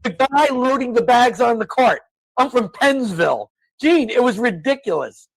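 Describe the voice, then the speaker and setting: A man's voice: very high-pitched, lively intonation, normal speed, gravelly, no room sound, poor audio. A man co-hosting a casual podcast, telling stories and ranting in exasperated bursts. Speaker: co-host.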